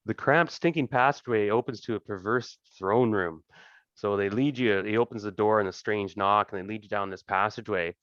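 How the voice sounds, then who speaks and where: A man's voice: fairly low pitch, fairly quick, fairly bright tone, dry recording. A man narrating a tabletop game as game master, describing scenes with some fillers and light chuckles, on a dull, dry lo-fi recording.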